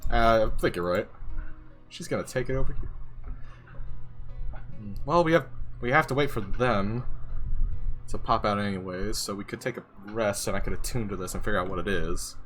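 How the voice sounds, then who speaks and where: A man playing in a tabletop game, trading quick teasing remarks with the other players. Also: fairly low pitch, fairly bright tone, soft background music. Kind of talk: casual tabletop game banter.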